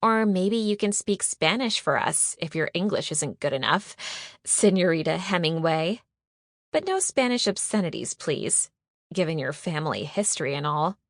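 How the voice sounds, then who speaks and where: A woman's voice: lowish voice, lively intonation, moderate pace, no room sound, studio quality. A woman voicing a snobbish, sneering teenage rich girl who mocks and boasts in an audiobook. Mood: mocking. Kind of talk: audiobook character voice.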